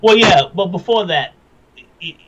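Halting man with dull lo-fi sound. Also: high voice, expressive. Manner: halting, restarts often while giving opinions. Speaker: podcast co-host. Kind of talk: casual recap chat.

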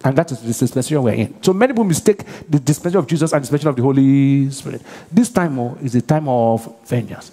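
Pastor preaching in a big hall. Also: male voice, medium pitch, lively intonation, quick pace, hardly any pauses. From Nigeria. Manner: call-and-response preaching, rising to shouted prayer. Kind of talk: sermon. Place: large church hall. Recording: live church hall reverb.

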